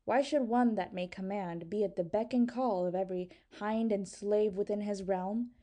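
A woman's voice: medium pitch, moderate pace, warm tone, close to an everyday voice. A woman reading the part of a proud, mocking sorceress who tempts and commands in honeyed, archaic speech. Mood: mocking, tempting. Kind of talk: audiobook reading.

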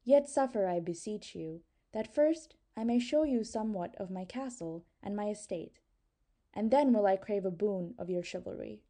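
A woman's voice: mid-range voice, animated, normal speed, warm tone. A woman reading the part of a proud, mocking sorceress who tempts and commands in honeyed, archaic speech. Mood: courteous. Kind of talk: audiobook reading.

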